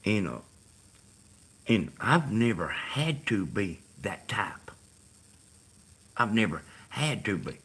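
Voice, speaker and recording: A man's voice: fairly low pitch, very animated, slow pace, long pauses, a bit bright, breathy edge. A middle-aged man with a Georgia Southern accent talking casually and rambling on a live stream. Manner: meandering, full of "you know" and "like".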